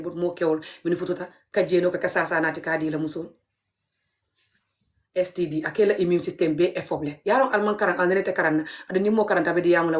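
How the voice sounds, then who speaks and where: A woman talking straight to her viewers in an impassioned commentary vlog. She mixes English with her local language, repeats phrases and keeps urging people to share. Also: on the low side. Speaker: video commentator.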